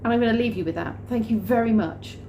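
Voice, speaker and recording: Woman vlogger, storyteller, acts out scenes, mellow voice, roomy echo. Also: on the high side, fast, dull audio, a little hiss or hum. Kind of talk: animated storytelling vlog. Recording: roomy room with faint ambience.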